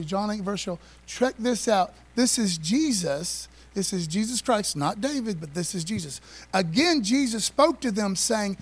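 Male pastor, high voice, easygoing preacher who talks to his congregation and asks for amens. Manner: folksy, call-and-response preaching with repeated phrases. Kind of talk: sermon. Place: church sanctuary.

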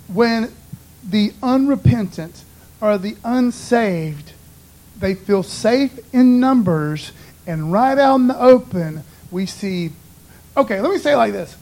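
A preacher with a high, slightly mellow voice gives an informal, conversational sermon in a folksy way, often dropping "man" and "you know." The recording is rough.

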